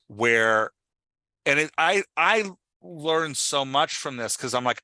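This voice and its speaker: A man hosting a podcast, explaining with excited, fast-flowing talk in a casual discussion. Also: on the high side, no room sound. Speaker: podcast host.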